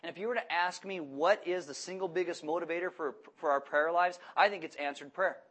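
A man preaching a sermon to a congregation, lively and questioning, acting out voices as he goes. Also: on the high side, fairly quick. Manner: animated, acts out voices and asks the audience questions. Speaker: pastor.

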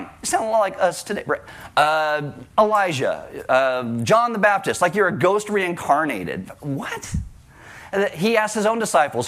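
A male pastor preaching a sermon in an animated way, with joking asides and acted-out quotes. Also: on the high side, normal speed.

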